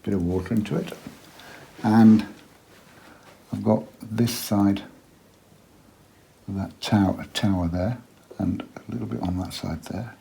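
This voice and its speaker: A man giving a relaxed watercolour painting lesson, chatty and quiet, often dropping to a murmur as he works. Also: fairly low pitch, a little slow, gravelly, long pauses. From England. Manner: quiet, chatty, drops to a murmur while working.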